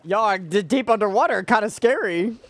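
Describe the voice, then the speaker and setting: A man's voice: high voice, lively intonation, brisk. A young man giving casual, laid-back commentary while playing a video game, laughing often and tripping over words, recorded on a desk mic. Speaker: gaming channel host. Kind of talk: casual let's-play commentary.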